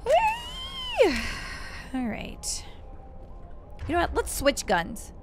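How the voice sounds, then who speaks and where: A woman's voice: sits high, big pitch swings, slow pace. A young woman giving playful let's play commentary as she games. She reacts with theatrical outbursts and mock grief. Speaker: gaming streamer. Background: game music and gunfire.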